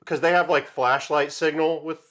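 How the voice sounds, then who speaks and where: A man co-hosting a podcast, chatting casually about a film, animated and quoting movie lines in put-on voices with frequent laughter. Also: a little high, moderate pace. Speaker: podcast co-host.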